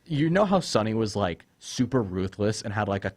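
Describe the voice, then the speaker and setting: A man's voice: lowish voice, sing-song, moderate pace. A young man hosting a casual film review chat, ranting with exasperation about a character and retelling scenes. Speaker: host.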